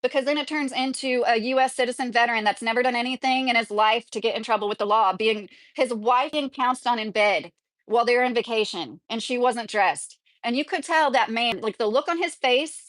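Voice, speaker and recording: A woman's voice: fairly high pitch, brisk, fairly bright tone, dry recording, clean studio sound. A woman in her thirties from Kentucky, talking at home in a rambling, opinionated livestream chat and reading viewer comments aloud. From Kentucky, USA. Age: 30s. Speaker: vlogger.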